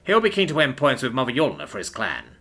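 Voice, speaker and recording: A man's voice: mid-range voice, huge pitch swings, bright, forceful tone, husky, full character voice. A man voicing a reserved male alien who speaks in faltering, broken English. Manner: halting, faltering phrasing.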